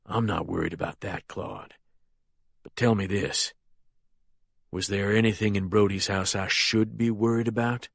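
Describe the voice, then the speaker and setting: A man reading as a menacing younger male crime boss, speaking low and quietly controlled in an audiobook. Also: fairly even intonation, a little slow, vocal fry, no room sound, studio quality.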